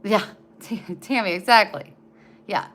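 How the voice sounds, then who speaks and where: A woman vlogger in a casual home video, talking tenderly with frequent pauses and running short of breath. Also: medium pitch, lively intonation, fairly bright tone. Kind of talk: casual home vlog, talking to her dogs and giving heartfelt advice.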